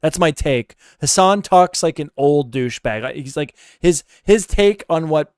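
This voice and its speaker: A man's voice: fairly high pitch, animated, unhurried, darkish tone, clear, resonant tone, dry recording, studio quality. A young man giving casual, blunt reaction commentary, rambling and opinionated with plenty of profanity. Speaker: streamer reacting to a podcast clip.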